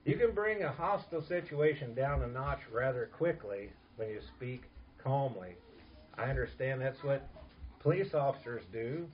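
A man's voice: mid-range voice, expressive, normal speed, a little hiss or hum. Earnest male preacher, muffled recording. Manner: earnest, emphatic preaching with soft asides. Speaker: pastor. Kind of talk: sermon.

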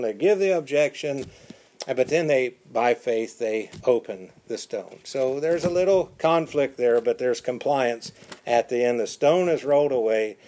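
A man preaching a sermon, switching between calm teaching and animated, dramatic quotes. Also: mid-range voice. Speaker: pastor.

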